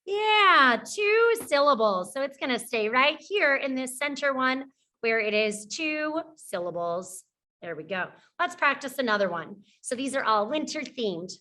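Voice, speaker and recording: Bright, high-voiced woman teaching little kids. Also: very animated. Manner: encouraging, slow and clear, praising often. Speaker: preschool teacher. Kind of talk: teaching young children, with songs.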